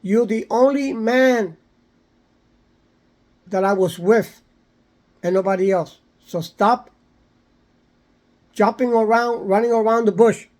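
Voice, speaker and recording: A man's voice: high-pitched, slow, long pauses, a little mellow. A man quoting an angry woman on the phone in a retold story, blunt and insistent.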